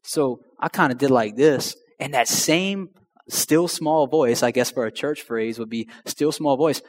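With a measured pace and medium pitch, a young man tells his personal story to the crowd, speaking directly to them in casual slang. The recording carries a long hall reverb.

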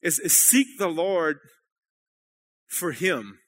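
A man's voice: on the high side, sing-song, slow, a bit bright. A man preaching a sermon at a church service, talking conversationally and checking in with the congregation. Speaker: pastor.

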